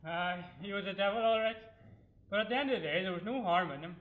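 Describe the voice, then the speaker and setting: A fairly high male voice, a man acting an easygoing, plain-spoken fellow. The sound is narrow and tinny, like a phone line. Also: fast, close to an everyday voice. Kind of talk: stage play acting.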